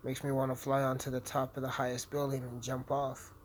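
A young man rambles through a profane, brash podcast monologue while gaming, his voice sitting at an ordinary mid pitch. Faint ambient noise sits behind him. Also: completely flat delivery, fairly quick. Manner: brash, swearing constantly, rambling. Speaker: podcast host.

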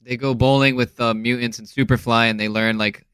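A man's voice: medium pitch, fairly even intonation, a little fast, a bit bright, smooth, no room sound. A man co-hosting a podcast in casual chat, agreeable and easygoing, rambling a little. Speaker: podcast co-host.

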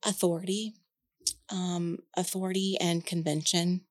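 A woman's voice: lowish voice, little pitch movement, unhurried, a little mellow, no room sound, studio quality. A woman in her forties, a podcast co-host talking candidly in casual chat, swearing freely and thinking aloud. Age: 40s. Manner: candid, frank, swears freely, many fillers.

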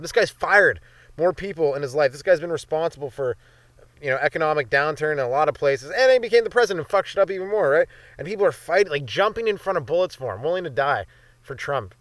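A man's voice: fairly high pitch, a bit bright, no echo. A young Canadian man hosting a comedy podcast, rambling through a profane solo monologue and slipping into silly voices. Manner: profane, jumps between bits and silly voices. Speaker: podcast host.

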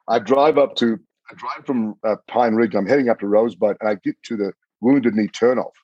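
A man, a podcast guest, telling a story in an earnest, animated way. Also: lowish voice, normal speed, dry recording, muffled recording. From Australia. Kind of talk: storytelling in conversation.

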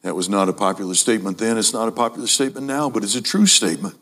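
A man preaching a sermon to a congregation, emphatic, repeating key phrases and speaking to the audience as ladies and gentlemen. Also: fairly low pitch, racing.

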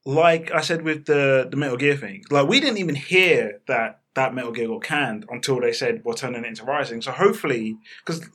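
A man co-hosting a casual gaming chat, talking fast and emphatic, swearing freely. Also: medium pitch, fairly bright tone, breathy edge. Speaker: podcast co-host.

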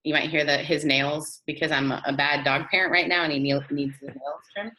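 A woman's voice: low voice, steady tone, a little fast, bright, forceful tone, rough recording. A woman pastor in her thirties with a mixed British, Canadian and Southern US accent, chatting in a podcast interview with lots of "like" and "um". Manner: chatty and self-deprecating, lots of "like" and "um".

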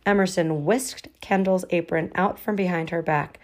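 A woman reading a children's storybook aloud to a child in a gentle, lively way. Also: fairly low pitch, moderate pace, hardly any pauses.

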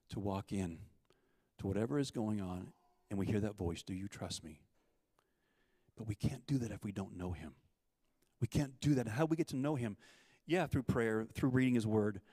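Middle-aged man, testimony storyteller, animated, dry close sound. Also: medium pitch, no echo. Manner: animated storyteller, acts out quotes. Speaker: guest storyteller.

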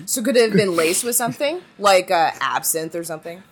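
A woman's voice: mid-range voice, expressive, a little fast, slight background noise. Hesitant woman in a casual film chat. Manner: hesitant, lots of fillers and restarts. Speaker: podcast co-host.

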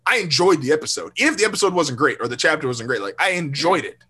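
A man co-hosting a podcast, telling a story in a casual, animated, profane way and acting out quoted lines. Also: a little high, rapid-fire, slightly rough. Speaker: podcast co-host. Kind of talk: casual chat.

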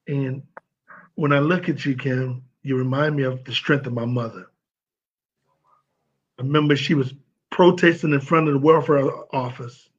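An emotional man from St. Louis pays heartfelt tribute, stumbling over his words and repeating himself. His voice is husky. The recording is dull and lo-fi. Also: medium pitch, steady tone, normal speed, long pauses. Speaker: former pro football player speaking at an event.

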